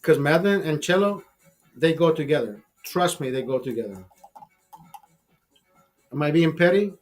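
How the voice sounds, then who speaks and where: A man's voice: on the high side, lively intonation, moderate pace, long pauses. A man hosting a livestream, telling a crude, bitter story with heavy swearing. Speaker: livestream host. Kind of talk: profane storytelling rant.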